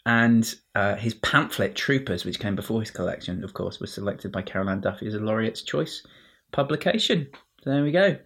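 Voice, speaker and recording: Male host, low husky voice, chatty and jokey. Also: animated, brisk, a bit bright. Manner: chatty, self-deprecating, jokey. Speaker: podcast host. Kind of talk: casual show introduction.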